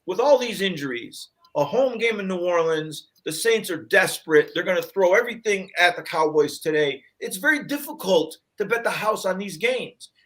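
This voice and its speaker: A man's voice: high voice, lively intonation, moderate pace, hardly any pauses, a bit bright. An older man co-hosting a sports betting show, rambling casually through player stats and stories. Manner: rambling, restarts, retells movie scenes.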